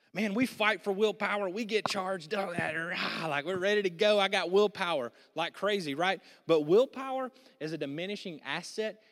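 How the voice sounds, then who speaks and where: A man with a high voice preaches in a church sanctuary. He is lively and jokey, and he keeps calling on the congregation to answer. The hall has a long, ringing reverb. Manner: energetic, jokey preaching with audience prompts. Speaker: pastor. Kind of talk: sermon.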